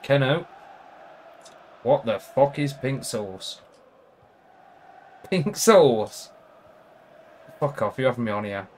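A young man giving casual, sweary commentary over a football video game, bantering with someone beside him and shouting at big moments. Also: medium pitch, measured pace, long pauses, a little hiss or hum. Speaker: gaming YouTuber.

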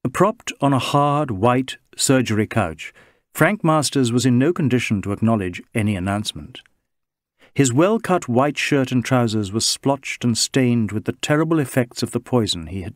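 A man reading a novel aloud as narrator, in a measured, expressive manner. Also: medium pitch, no echo, studio quality. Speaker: audiobook narrator. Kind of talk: scripted narration.

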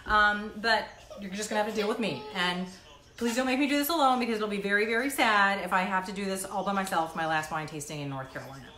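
A woman's voice: medium pitch, fast, pushed and bright. Chatty mom rambling live from her kitchen. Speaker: mom vlogger hosting a live stream. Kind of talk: casual live-stream chat. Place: indoors at home in a condo kitchen. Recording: echoey room.

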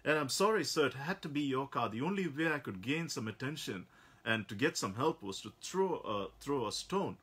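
Man playing a twelve-year-old boy, polite, pleading, apologetic, bright tone. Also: mid-range voice, animated, moderate pace, breathy edge.

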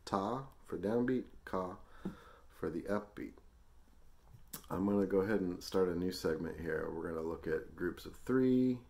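A man teaching a music lesson, explaining rhythm syllables in a relaxed, chatty way with small laughs. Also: deep voice, unhurried, creaky.

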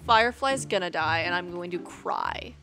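A young woman giving excitable let's-play commentary, chatting to in-game animals and squealing when things go wrong. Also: on the low side, moderate pace, vocal fry, soft background music. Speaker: gaming video creator.

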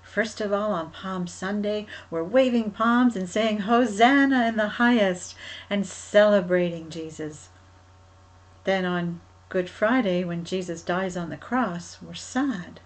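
A woman who coordinates a church's children's ministry tells a Bible story to children. She talks gently and often asks them questions directly. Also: on the low side, slow, poor audio.

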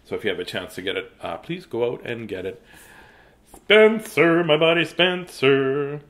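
A man's voice: deep voice, quick pace, fairly bright tone. A man in his fifties reading picture books aloud to children, playful and chatty, with frequent laughs. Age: 50s. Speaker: children's book reader.

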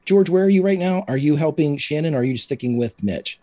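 A man narrating as game master of a tabletop game, describing scenes in a relaxed way with fillers. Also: fairly high pitch, brisk.

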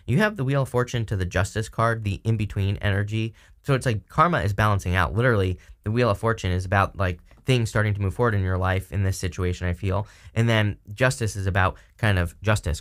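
A man giving a casual, chatty tarot reading, animated and full of fillers, laughing now and then. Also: on the low side. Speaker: tarot reader.

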